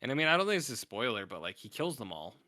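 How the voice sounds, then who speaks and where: A young man co-hosting a podcast casually retells a film in a rambling way for a film review chat, acting out its lines. His mid-range voice swings widely in pitch and sounds pushed and bright, and he talks fast. The sound is clean studio audio with no room sound.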